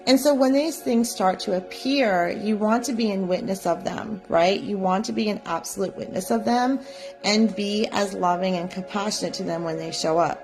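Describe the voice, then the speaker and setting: A woman teaching a live psychic development class, guiding listeners gently and often checking in with "right?". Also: mid-range voice. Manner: gentle, coaxing, repeats "right?". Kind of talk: guided live class instruction.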